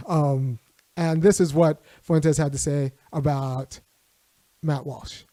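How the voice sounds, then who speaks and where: A man's voice: on the high side, fairly even intonation, takes it slowly, warm tone, no echo, studio quality. A man hosting a political livestream, talking loosely with restarts and short laughs. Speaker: host.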